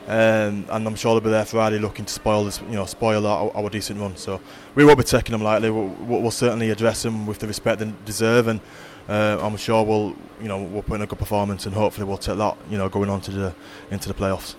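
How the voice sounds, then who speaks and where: A man talking about his team's next games in an interview, halting with many fillers and restarts. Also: on the low side, little pitch movement, slight background noise. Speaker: rugby league player or coach interviewed. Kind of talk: post-match style interview.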